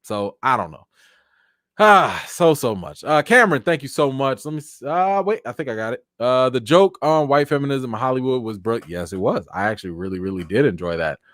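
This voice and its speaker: Male live-chat host, mid-pitched, animated and chatty, voice tiring, dry close-miked sound. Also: fairly quick, dry recording. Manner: animated, chatty, thanks viewers by name. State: tired, voice wearing out. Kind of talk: casual live chat reading comments.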